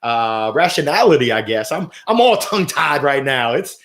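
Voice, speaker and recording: A middle-aged man hosting a live motivational stream, reading viewer comments aloud in an upbeat, animated way. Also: medium pitch, moderate pace. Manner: upbeat and animated, swinging from soft to loud. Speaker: host of a weekly motivational livestream.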